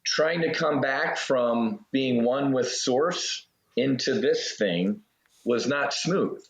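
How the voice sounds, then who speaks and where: Earnest man telling a story in a roomy room. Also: medium pitch. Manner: earnest, halting storytelling with restarts. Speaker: interview guest, former Navy fighter pilot. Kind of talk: casual interview storytelling. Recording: roomy, slightly dull audio.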